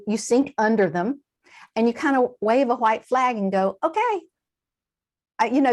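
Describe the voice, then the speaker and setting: A woman guest in an interview, explaining in a lively conversational way, with quick asides and frequent shifts in emphasis. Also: mid-range voice. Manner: animated, warm-hearted explaining with quick asides and laughs. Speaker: translator and guest.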